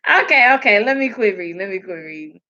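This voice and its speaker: A woman's voice: mid-range voice, expressive, fast, bright, forceful tone, highs cut off. A sleepy woman hosting a casual live stream, rambling, laughing and answering comments from her chat.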